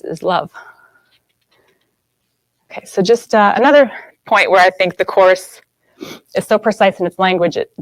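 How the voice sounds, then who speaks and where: A woman with a fairly low voice gives a spiritual talk to a group, earnest and conversational, often turning to her listeners for agreement. She sounds like she is in her thirties. The sound is dry and close, with no room around it. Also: no room sound, poor audio. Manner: earnest, asks the audience "right?" often. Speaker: guest speaker.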